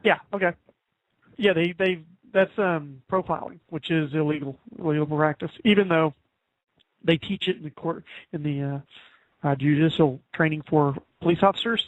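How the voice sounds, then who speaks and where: A man hosting a podcast in casual chat, rambling with lots of fillers and quick laughs. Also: on the high side, dry recording. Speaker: podcast host. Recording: dry, phone-like lo-fi audio.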